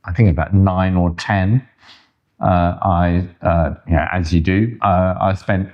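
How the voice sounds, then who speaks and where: An older man talks in a very low voice, loose and chatty. He wanders off on tangents and makes fun of himself. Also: fairly even intonation, a little slow, muffled recording. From England. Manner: chatty, rambling, self-deprecating. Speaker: co-host. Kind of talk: casual chat.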